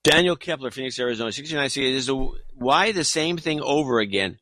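A man's voice: medium pitch, animated, fairly quick, sharp tone, no echo. A man co-hosting a podcast, reading listener donations aloud with dry, wry asides in casual chat.

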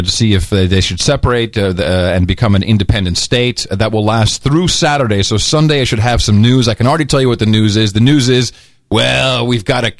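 A man's voice: medium pitch, no echo. A man co-hosting a podcast in casual chat, rambling with many fillers and chuckles. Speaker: podcast co-host.

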